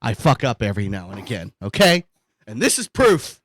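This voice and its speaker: A man's voice: medium pitch, very animated, brisk, fairly bright tone, dry recording. A man co-hosting a casual podcast, rambling and joking, poking fun at himself and swearing freely. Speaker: podcast co-host.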